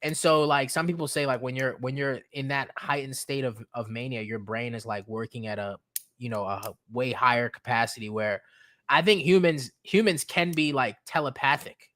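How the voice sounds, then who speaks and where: A man guesting on a podcast, telling stories in a loose, animated way, laughing often and swearing freely. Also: mid-range voice, normal speed. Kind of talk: casual podcast chat.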